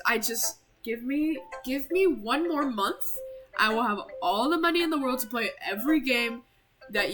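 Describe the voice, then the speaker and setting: A woman's voice: on the high side, low-quality recording. A young woman casually commenting while streaming a game, rambling and apologetic, with lots of "like". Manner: chatty, rambling, heavy use of "like", apologetic.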